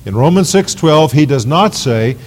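A man's voice: a little high, lively intonation, moderate pace. A man preaching an evening sermon as pastor, emphatic, repeating phrases for stress. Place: church sanctuary. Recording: long reverb of a large hall.

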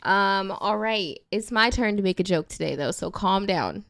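A woman's voice: mid-range voice, animated, moderate pace, vocal fry, fairly bright tone, dry recording, clean studio sound. A woman co-hosting a podcast in casual chat, telling jokes and laughing often. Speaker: podcast co-host.

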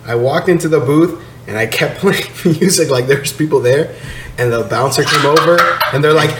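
A podcast guest tells a story at the table in a laid-back, profane way, laughing now and then, with an ordinary-pitched voice at a moderate pace. It's casual storytelling chat in an echoey room with a faint hiss underneath.

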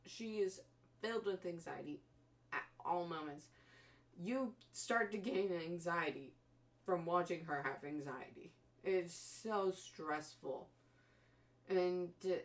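A woman's voice: medium pitch, far from the mic. A woman casually retelling a horror film plot, swearing freely and mimicking the characters' voices. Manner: profane, animated storytelling with mimicked voices.

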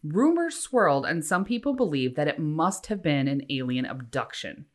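A woman's voice: low voice, very animated, moderate pace. A woman co-hosting a casual podcast, reading out facts and dropping wry asides. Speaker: podcast co-host.

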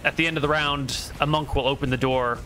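Man, game master, dry teasing narration, bright tense voice, faint background noise. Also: mid-range voice, steady tone, a little fast.

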